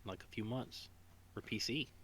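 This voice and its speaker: A man's voice: mid-range voice, normal speed, pushed and bright, a little hiss or hum. A man co-hosting a casual podcast, rambling, swearing freely, with a voice strained from singing. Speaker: podcast co-host.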